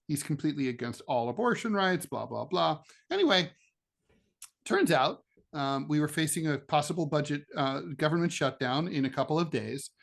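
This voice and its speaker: A man's voice: on the high side, gravelly. A middle-aged man from the United States co-hosting a political podcast, talking in a chatty, sardonic way with many fillers and restarts. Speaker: podcast co-host, political cartoonist. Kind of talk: casual political chat.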